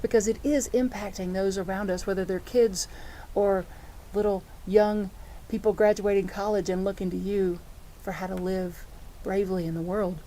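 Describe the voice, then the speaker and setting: A middle-aged woman pastor delivers a conversational sermon, heartfelt and full of personal stories, often restarting her sentences. Her voice is warm and on the high side.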